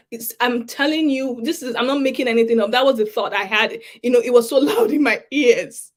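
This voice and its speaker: Woman giving an earnest, halting testimony. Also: fairly high pitch. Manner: halting, repeats words, earnest pleading. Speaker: summit speaker. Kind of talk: emotional personal testimony.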